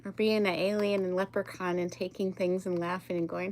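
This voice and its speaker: A woman's voice: medium pitch, flat delivery, moderate pace, a little mellow. A woman chatting casually on a live stream, rambling, laughing often and talking to her pets and viewers.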